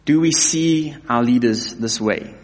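A man's voice: mid-range voice, measured pace. A man preaching a sermon to his congregation, earnest and emphatic, often repeating key phrases and addressing the listeners as "guys". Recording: reverberant hall.

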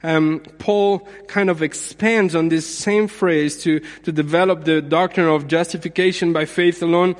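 A man with a high voice preaches slowly, pausing and repeating his phrases for emphasis. His sermon rings out with the long reverb of a large hall. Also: fairly even intonation. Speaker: pastor.

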